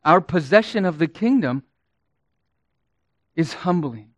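Male pastor, sermon delivery, slow deliberate pace, slightly high voice, emphatic swells and hushed drops. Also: animated, no room sound.

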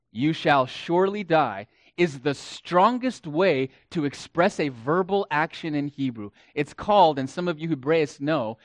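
A male pastor delivers a sermon in a slightly higher-than-usual voice. He is emphatic and repeats key phrases to drive them home. The sound is dry and close. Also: no room sound. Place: church.

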